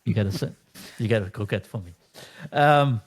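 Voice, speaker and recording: A man's voice: on the low side, moderate pace. Dutch-born man telling stories in casual chat. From Netherlands. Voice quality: chatty storyteller, acts out quoted exchanges. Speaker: podcast co-host.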